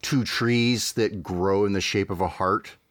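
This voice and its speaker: A man's voice: lowish voice, steady tone, unhurried, fairly bright tone, no echo, studio quality. A man hosting a podcast, chatting casually with many fillers and restarts. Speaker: podcast host.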